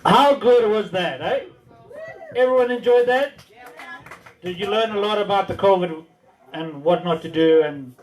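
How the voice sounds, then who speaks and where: A man's voice: high voice, low-quality recording. Chatty man hosting a comedy night. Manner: chatty, loose, rambling. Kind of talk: casual closing announcements.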